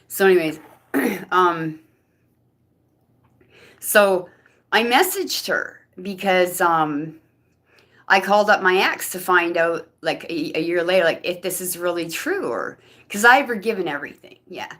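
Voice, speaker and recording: Lowish-voiced woman rambling thru a personal story, lots of restarts, does voices for people she quotes. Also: expressive, measured pace, fairly bright tone. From Canada. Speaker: vlogger giving personal testimony. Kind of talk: rambling personal testimony monologue.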